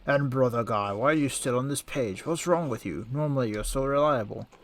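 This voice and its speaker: Man reading as a stern monk prior, scolding, mid-pitched, plain game-reading voice. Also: fairly quick, close to an everyday voice. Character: stern middle-aged male monastery prior.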